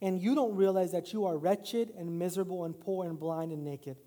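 Male pastor, middle-aged, high voice, casual storytelling sermon, reverberant church. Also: fairly even intonation, fairly quick, dark tone. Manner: casual, self-deprecating storytelling with rising preaching emphasis. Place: church sanctuary. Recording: long hall reverb.

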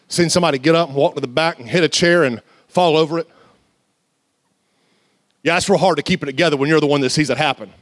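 A male pastor preaching a sermon, animated and conversational, mixing humorous storytelling with sudden loud outbursts and slow, drawn-out emphasis. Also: fairly high pitch, dry recording. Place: church.

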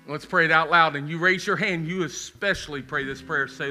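Bright-voiced pastor making an altar call. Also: male voice, fairly high pitch, a little fast, hardly any pauses, faint music behind. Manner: pleading, repetitive questions, builds to loud calls. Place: church sanctuary.

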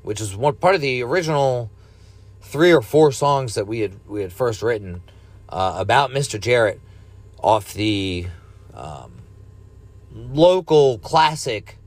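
A man's voice: mid-range voice, no echo. A man in his thirties hosting a podcast alone, rambling casually and swearing freely. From United States. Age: 30s. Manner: rambling, profane, laid-back. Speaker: podcast host. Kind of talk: casual solo podcast monologue.

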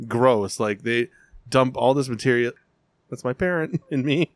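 A man in his thirties, chatting casually on a podcast, blunt and profane, telling stories with animated quoted voices. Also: medium pitch, measured pace, no room sound, clean studio sound. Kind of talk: casual chat.

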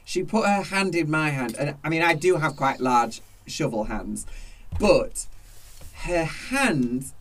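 A man co-hosting a chat, expressive and dramatic, with loud laughs. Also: on the high side, slow, far from the mic. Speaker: co-host, drag performer. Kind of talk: casual chat.

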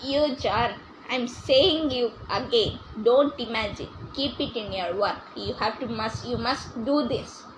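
A woman's voice: on the high side, background noise, lightly acted. Woman playing a preachy old granny. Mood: earnest advice. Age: older. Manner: slow, lecturing, repeats advice. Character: kindly preachy old grandmother giving advice.

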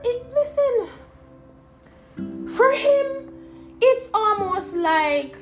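A young woman with a Jamaican accent, hosting a casual opinion podcast and talking in an animated, rambling way that slips into patois. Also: high-pitched, measured pace, faint music behind. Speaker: podcast host.

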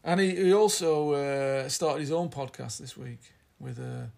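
With a mid-range, darkish voice touched by vocal fry, a Yorkshire-accented man co-hosts a podcast at a measured pace. His casual chat is rambling and teasing.

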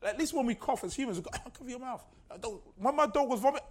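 High-voiced man preaching a sermon. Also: lively intonation, quick pace, husky. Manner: conversational and humorous, repeats key lines for emphasis. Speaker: pastor.

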